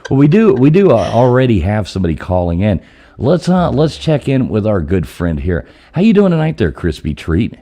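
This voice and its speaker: A man's voice: lowish voice, sing-song, moderate pace, warm tone. A man hosting a casual live stream, greeting viewers by name in an easygoing, rambling way. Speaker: livestream host. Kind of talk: casual live show chat.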